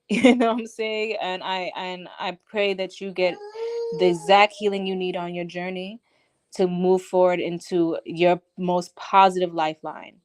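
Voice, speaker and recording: A woman hosting a live-stream chat, talking in animated, indignant bursts. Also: on the low side, a little slow. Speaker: host.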